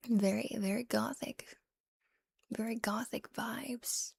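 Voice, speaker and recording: A woman streamer softly whispering and rambling with giggles in a relaxed ASMR chat, close to the microphone. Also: medium pitch, measured pace, creaky, long pauses, no room sound.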